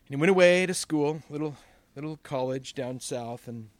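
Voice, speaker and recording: Storytelling male pastor, fairly high voice. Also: moderate pace, no room sound. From Northern California. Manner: storytelling with quoted voices, emphatic rises. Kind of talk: sermon.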